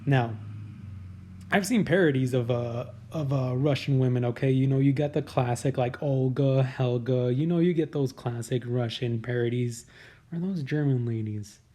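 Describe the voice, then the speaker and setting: A man's voice: mid-range voice, moderate pace, mellow. A man hosting a comedy news podcast, riffing on headlines in a casual, crude, sarcastic way. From United States. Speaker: podcast host.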